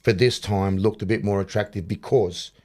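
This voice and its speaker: At a moderate pace, the Australian boxing coach speaks in a lowish, slightly mellow voice with fairly even intonation. He is middle-aged and keeps rambling and restarting sentences in this casual interview.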